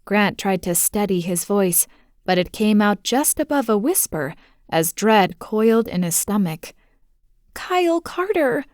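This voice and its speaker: A woman narrating a romantic suspense audiobook in a measured, steady storytelling manner on a close studio mic. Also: medium pitch, no room sound.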